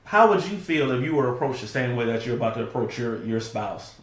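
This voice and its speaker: A man's voice: medium pitch, lively intonation, fairly quick. A man co-hosting a casual advice talk with his wife, earnest, often restarting his sentences. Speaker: co-host, husband. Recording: echoey room.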